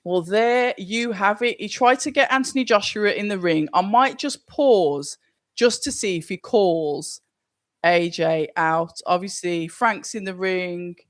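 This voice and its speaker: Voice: medium pitch, a little slow, no room sound, studio quality. Chatty live stream host. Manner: casual, chatty, thinks aloud. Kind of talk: live watch-along chat, reading viewer comments aloud.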